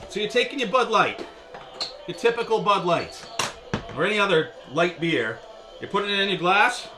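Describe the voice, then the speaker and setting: A man's voice: high-pitched, brisk, sharp tone, faint music behind. A man hosting a casual beer review video, chatty and wry, with a lot of filler words. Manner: chatty, joking, with frequent filler; wry and sarcastic.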